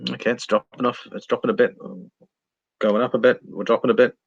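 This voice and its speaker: A man hosting a live stream, chatting casually and thinking out loud while he reads out figures and viewer comments. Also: mid-range voice, flat delivery, brisk, vocal fry, breathy edge, no room sound, dull audio. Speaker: livestream host reading viewer chat.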